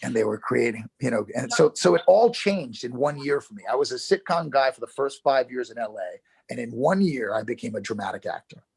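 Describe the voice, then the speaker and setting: An actor guest from Yonkers, New York, a middle-aged man with a New York accent, tells animated stories in a casual interview. His gravelly, husky voice is mid-range, and he swears freely, restarts sentences often and talks without pause. The recording is dry and close with no echo.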